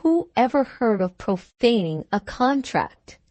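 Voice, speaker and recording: A rich, self-possessed woman who cuts down criticism without raising her voice, as a woman reader plays her. She speaks slowly and deliberately, with a lively lilt and a dry, close sound. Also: a little high, dry recording. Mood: coolly defiant. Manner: calm, cutting and composed. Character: wealthy, cool, self-assured woman engaged to a young lord.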